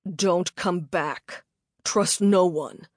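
A woman voicing a calm, menacing man who threatens in a slow, low growl in a storybook reading. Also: no echo, studio quality. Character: menacing adult male attacker, calm and cold.

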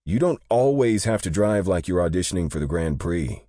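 A man's voice: low-pitched, big pitch swings, moderate pace, warm tone, breathy edge, no echo, studio quality, voice pushed up, full character voice. A man voicing a sarcastic, impatient young male police detective. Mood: needling. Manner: sarcastic, teasing.

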